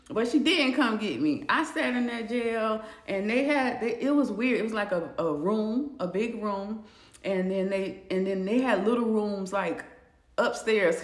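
A young woman casually telling a personal story to camera, animated and jumping high when she acts out her own shock. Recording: echoey room.

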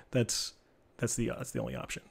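A man casually commenting on his live-streamed card game, joking and teasing in an animated way. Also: mid-range voice, gravelly, husky. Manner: animated, joking, trash-talking.

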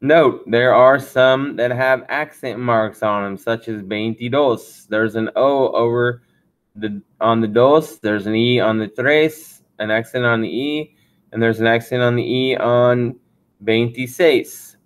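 A man teaching a beginner Spanish lesson, counting slowly and repeating phrases as he explains. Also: medium pitch, clean tone. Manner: slow, deliberate counting. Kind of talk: classroom lesson.

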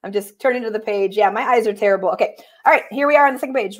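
A woman's voice: medium pitch, fast talker, hardly any pauses. A woman reading a picture book aloud over a video call, laughing often and poking fun at herself. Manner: giggly, self-deprecating, laughs often. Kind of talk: storytime reading with chat.

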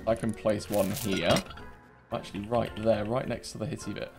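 A man's voice: on the low side, little pitch movement, normal speed, music in the background. A man with a British accent giving casual, cheeky gameplay commentary as a gaming YouTuber. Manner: cheeky, teasing banter.

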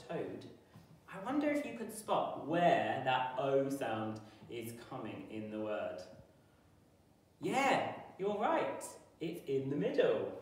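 Guy teaching phonics to kids, super slow and bouncy, echoey room, a bit far from the mic. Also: mid-range voice, darkish tone. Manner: slow, sing-song chanting of sounds and rhymes. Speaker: primary school teacher. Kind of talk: phonics lesson video. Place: classroom.

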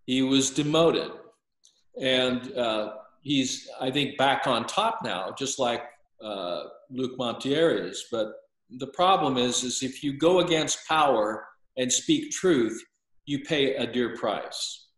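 Older man, slow-paced lecturing, halting with many ums and uhs, roomy echo. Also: medium pitch, fairly bright tone. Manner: hesitant, frequent filler sounds and restarts. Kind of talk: lecturing explanation.

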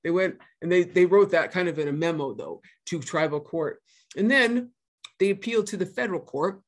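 A woman's voice: on the low side, normal speed. Woman in her 60s giving an earnest talk, keeps saying "you know", hammers points twice. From northern Minnesota. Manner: earnest, emphatic, repeats key points; frequent fillers and restarts. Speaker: guest speaker.

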